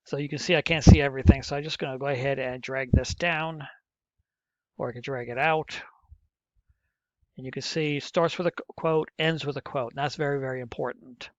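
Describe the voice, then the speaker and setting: A man's voice: medium pitch, fairly even intonation, fairly quick, dry recording. A middle-aged male teacher walking through a programming lesson step by step, muttering to himself as he types. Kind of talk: screen-recorded coding lesson. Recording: muffled, dull lo-fi mic.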